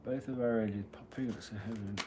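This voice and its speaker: A man giving a live-stream tarot reading, thinking aloud as he draws cards and often clearing his throat. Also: lowish voice, steady tone, fairly quick, noisy background. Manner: musing aloud while drawing cards, frequent throat-clearing. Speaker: tarot reader.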